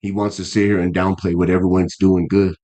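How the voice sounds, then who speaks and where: A man's voice: low voice, little pitch movement, fairly quick, mellow. A man in his fifties, a guest boxer in a casual interview, talking earnestly with many restarts and fillers. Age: 50s.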